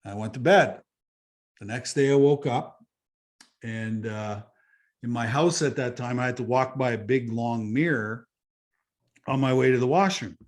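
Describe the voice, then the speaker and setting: A middle-aged man from Canada tells a personal story in a blunt, candid way. He swears freely, circles back on phrases for emphasis, and talks at an ordinary pitch. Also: measured pace, pauses often. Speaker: interview guest.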